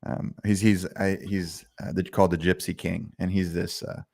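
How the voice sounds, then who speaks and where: A man hosting a podcast, telling a rambling, animated story in casual chat. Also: low-pitched, normal speed, gravelly, slightly rough, no room sound, clean studio sound. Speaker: podcast host.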